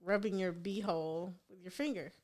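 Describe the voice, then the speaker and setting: A woman's voice: fairly low pitch, normal speed, darkish tone. A young woman in casual crude banter, teasing and asking probing questions with lots of laughter.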